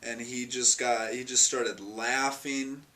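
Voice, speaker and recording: A man's voice: medium pitch, fairly even intonation, slow pace, pushed and bright. A man telling a fond, rambling personal anecdote in an interview, with many restarts and chuckles. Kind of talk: storytelling anecdote. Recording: distant mic, faint noise.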